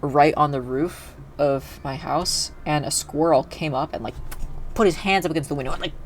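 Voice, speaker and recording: This young game streamer has a slightly high voice and a moderate pace, with a bit of hiss or hum in the audio. His casual chatter wanders, filled with fillers and self-interruptions.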